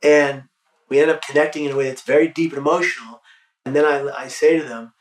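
A man's voice: a little high, fairly even intonation, quick pace, far from the mic. Male podcast host and motivational speaker with an emphatic delivery, recorded off-mic in a roomy space. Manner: emphatic, acts out his crowd chants loudly. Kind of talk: casual podcast conversation.

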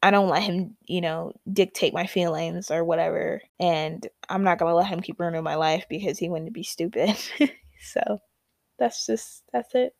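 A young woman hosts her own podcast, speaking candidly in a loose, conversational way that trails off and restarts. Her voice sits low with a gravelly fry. The recording is dry and close. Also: normal speed, darkish tone, dry recording. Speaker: podcast host and poet. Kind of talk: casual podcast monologue.

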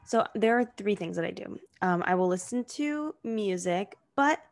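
A woman's voice: medium pitch, lively intonation, moderate pace. A young woman co-hosting a podcast, chatting casually and filling her sentences with "like". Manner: chatty, heavy use of "like" fillers. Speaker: podcast co-host. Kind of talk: casual chat.

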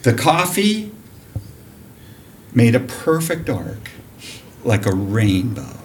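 A man who directs a diving program, telling a profane, animated story during a podcast interview and laughing as he goes. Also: mid-range voice, slow, a little hiss or hum. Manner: animated, profane, laughs through his stories. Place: recorded on location at a college.

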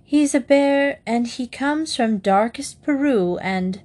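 A woman's voice: medium pitch, lively intonation, normal speed, husky. A woman voicing a flustered, anxious middle-aged mother in a read-aloud storybook. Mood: pleading.

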